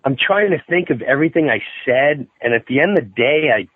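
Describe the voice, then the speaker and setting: A man calling in as a guest, telling a story in an animated way and acting out what people said. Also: a little fast, slightly rough, no room sound. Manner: excitable, acts out quotes in shrill outbursts. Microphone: phone call. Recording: tinny dry phone line.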